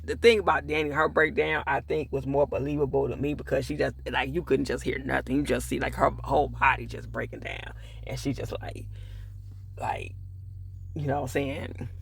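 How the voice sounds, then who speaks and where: A man's voice: a little high, vocal fry, fairly bright tone. A man casually recapping a TV episode, acting out the characters' lines with sassy asides. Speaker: TV show reviewer.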